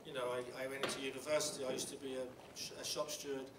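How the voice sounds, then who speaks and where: A middle-aged Englishman speaks at a panel talk, telling a story in a halting, blunt way with many restarts and fillers. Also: mid-range voice, little pitch movement. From England. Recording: roomy hall from a distant mic with background noise.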